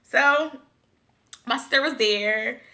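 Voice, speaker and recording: A woman's voice: high-pitched, slow, sharp tone. A young woman from Buffalo, New York, telling a casual storytime vlog to her viewers, chatty and emotional, often calling them y'all. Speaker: vlogger.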